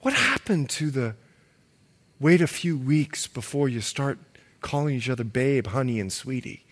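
Animated, joking male preacher. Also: medium pitch, measured pace. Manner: animated, jokey, acts out quotes. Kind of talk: sermon.

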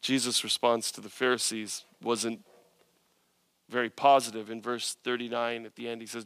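A man's voice: medium pitch, level tone, normal speed, a bit bright, smooth, no room sound. A male pastor preaching a sermon in an earnest, conversational way, often searching for words and restarting.

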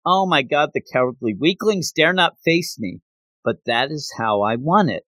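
A man's voice: a little high, animated, moderate pace, a bit bright, no echo, voice pushed up. A man voicing a monstrous male villain gargoyle who talks in a grandiose, boastful way. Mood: gloating.

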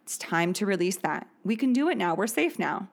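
A woman in her thirties hosts a podcast in an animated, mid-range, creaky voice at a moderate pace. She tells a personal story candidly and chattily, using lots of fillers and laughing now and then.

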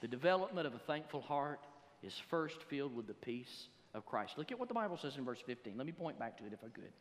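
A man preaching a sermon in a church, reading scripture slowly and building to loud emphatic passages. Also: medium pitch, big pitch swings, in a large hall. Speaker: pastor. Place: church sanctuary.

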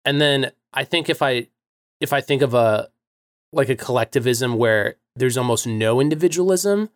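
A man with a middle-pitched voice asks relaxed, curious questions in a casual chat. He thinks aloud as he goes and keeps the exchange informal. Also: moderate pace. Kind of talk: casual conversation.

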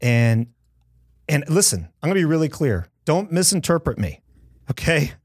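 A man's voice: fairly high pitch, big pitch swings, moderate pace, no room sound, clean studio sound. A man who is a pastor, talking in a podcast conversation with earnest, heartfelt storytelling.

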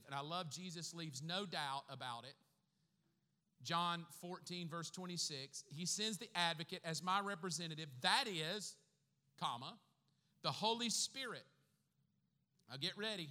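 Man, middle-aged pastor, humorous sermon, animated jokey storytelling, long hall echo. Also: sits high. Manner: animated, jokey storytelling with sudden loud bursts. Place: large church hall.

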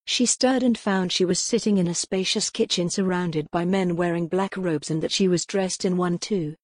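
A woman narrates an audiobook in a measured, even way. Her voice sits a little low for a woman, and the close studio recording is dry with no room sound. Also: no room sound. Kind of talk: scripted narration.

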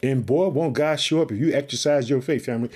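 A man preaching an energetic podcast sermon, fervent and repetitive, calling his listeners family and shouting hallelujah. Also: medium pitch, quick pace, husky. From Chicago, United States. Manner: repeats catchphrases, calls listeners family.

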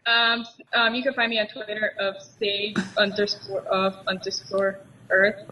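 A woman's voice: medium pitch, level tone, normal speed, bright, forceful tone, lo-fi sound. A woman, a guest on a podcast, talking casually and eagerly about a TV show she loved. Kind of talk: casual chat. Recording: distant mic with faint background noise.

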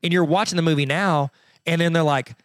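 A man with a fairly high voice talks fast and eagerly about movies. He strings together trivia stories about productions. The sound is close and dry. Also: steady tone, no room sound. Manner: quick, tells trivia anecdotes. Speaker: podcast co-host. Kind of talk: casual movie chat.

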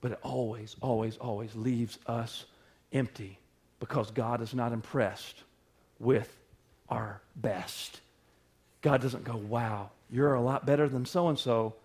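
A man preaching a sermon as pastor, swinging between loud emphatic bursts and quiet low passages. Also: fairly even intonation, measured pace.

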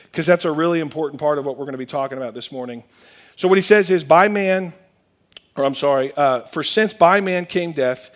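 A man, a pastor giving a conversational sermon and reading scripture aloud. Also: on the high side.

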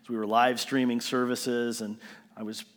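A male pastor preaching a sermon, earnest and emotional, often restarting his sentences and moving between hushed and raised delivery. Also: medium pitch, flat delivery, normal speed, big-room sound. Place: living room during lockdown, then church setting.

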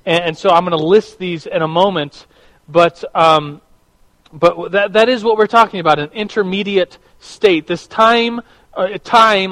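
Chatty male church teacher, higher voice. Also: fairly bright tone, poor audio. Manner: conversational, repeats words, speaks to the room. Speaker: teacher leading a church class. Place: room with a live audience.

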